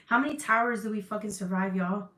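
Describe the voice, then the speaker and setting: A woman's voice: medium pitch, fairly bright tone, roomy sound, rough recording. A woman giving a tarot reading to her viewers, emotional and tearful, swearing freely and calling them y'all. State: crying. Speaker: tarot reader.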